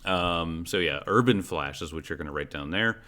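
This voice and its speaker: Running a tabletop role-playing session, this game master walks players through making characters, often restarting sentences and using fillers. He talks at a normal speed in a low voice that sounds bright and forceful.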